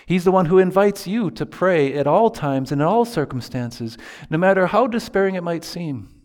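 A man's voice: high voice, animated, normal speed, a little mellow. Earnest male pastor preaching. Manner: earnest preaching with quoted prayers. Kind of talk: sermon.

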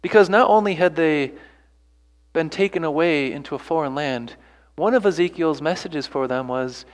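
A man's voice: on the high side, normal speed, long reverb tail. A man preaching a sermon earnestly, pressing his listeners with rhetorical questions and repeated phrases. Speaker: pastor.

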